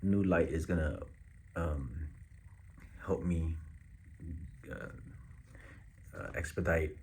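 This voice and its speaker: A man with a very low voice speaks straight to his viewers in a relaxed vlog. His talk is slangy and loose, with frequent pauses and fillers as he thinks aloud. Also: a little hiss or hum. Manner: laid-back, slangy, halting with many fillers. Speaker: vlogger. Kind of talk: casual direct-to-camera update.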